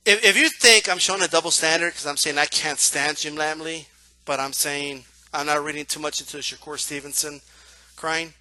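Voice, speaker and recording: A man's voice: on the high side, moderate pace, sharp tone, no room sound. A man ranting casually about boxing, profane and mocking, often repeating himself and doing sarcastic asides. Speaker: boxing commentator.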